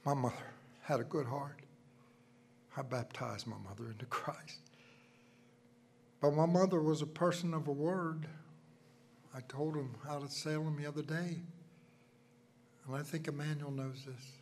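An older man preaching a sermon, telling folksy personal stories and swinging from loud emphasis to hushed asides. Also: fairly high pitch, fairly even intonation, measured pace, long pauses, slight background noise.

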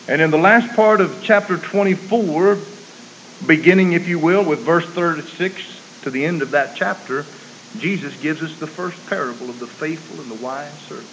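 A man preaching a sermon, emphatic, moving between loud declaiming and quiet earnest appeals. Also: a little high, normal speed. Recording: muffled, hissy recording.

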